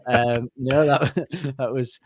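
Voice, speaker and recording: A man's voice: mid-range voice, fairly even intonation, measured pace, a little mellow, slight background noise. A man co-hosting a podcast, chatting casually and animatedly, laughing and joking often. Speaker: podcast co-host. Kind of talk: casual chat.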